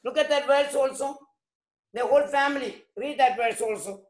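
A male pastor delivers a forceful sermon in church at a normal speed, his voice very high-pitched. He interjects remarks on the scripture reading and occasionally raises his voice to a shout.

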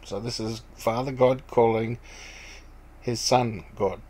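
A man giving an informal Bible teaching. He reads scripture aloud, then explains it in a rambling, halting way, with many fillers and restarts. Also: medium pitch, fairly even intonation, a little mellow, low-quality recording. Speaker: preacher.

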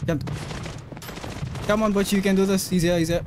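A young man with a South African accent, streaming a mobile shooter with friends, loud and joking, swearing and firing off repeated callouts. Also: sits high, steady tone, moderate pace. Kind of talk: casual gaming chat with callouts. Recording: game gunfire and noise behind.

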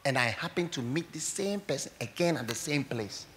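A man with a Ghanaian accent, a pastor preaching a sermon and telling stories with animation, moving between loud exclamations and quiet asides. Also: a little high, animated, moderate pace, slight background noise. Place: church service hall.

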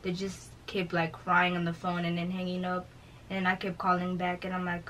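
A woman's voice: fairly low pitch, monotone, normal speed, a bit bright, a little hiss or hum, rough recording. A young woman talking casually in an interview, telling a personal story and quoting others, with many fillers. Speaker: vlogger telling her story.

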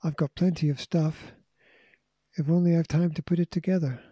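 A man's voice: on the high side, fairly even intonation, normal speed, warm tone, no echo, dull audio, natural voice. A man reading as a despairing scientist father. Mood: worried. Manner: despairing, earnest. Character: worried scientist father, middle-aged.

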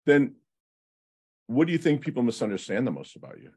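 A man hosting a podcast interview, enthusiastic and motivational, quick with effusive praise. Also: medium pitch, sing-song, a little mellow, breathy edge. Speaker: podcast host.

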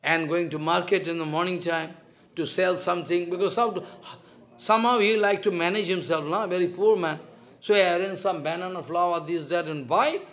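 A man's voice: high-pitched, steady tone, moderate pace, a bit bright. A man with an Indian accent, a spiritual teacher telling a devotional story in simple, broken English and acting out the dialogue.

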